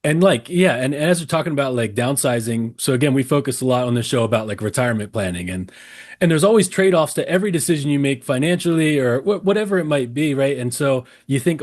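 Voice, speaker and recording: A man's voice: mid-range voice, fast, a little mellow. A man hosting an interview show, thinking aloud with restarts and checking in with his guest. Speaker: host. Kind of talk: casual interview chat.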